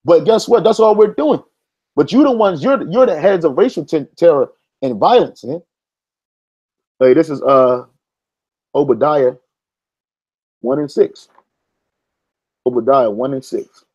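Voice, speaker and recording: A man's voice: on the high side, animated, unhurried, pauses often, a little mellow, breathy edge, dull audio. A man preaching informally, reading an article aloud and arguing back at it, with street-casual talk full of "man". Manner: stops to reread passages and argue back. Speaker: religious commentator.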